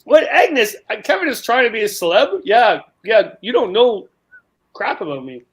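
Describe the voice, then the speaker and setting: A man's voice: sits high, sing-song, normal speed, rough recording. A man telling long, rambling outdoor stories in a casual panel chat, with frequent restarts. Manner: rambling storyteller, many restarts.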